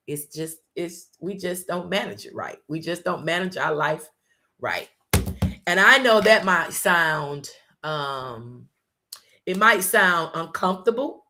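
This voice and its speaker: A woman host giving an informal motivational talk, repeating phrases and slowing down for emphasis. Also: low voice, fairly bright tone. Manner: informal, uses y'all and ain't.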